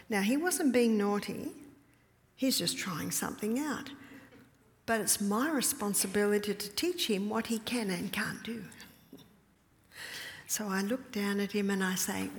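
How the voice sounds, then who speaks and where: A woman, a mother of several children, telling stories to an audience at a health retreat. She often laughs and drops her voice to a whisper to stress a point. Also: mid-range voice. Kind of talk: storytelling talk to an audience. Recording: long hall reverb.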